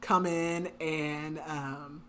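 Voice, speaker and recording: A woman's voice: deep voice, fairly even intonation, very slow. A young woman on a book podcast, casually recapping the plot with lots of fillers and frequent laughter. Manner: chatty, filler-heavy, laughs often. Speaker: podcast co-host.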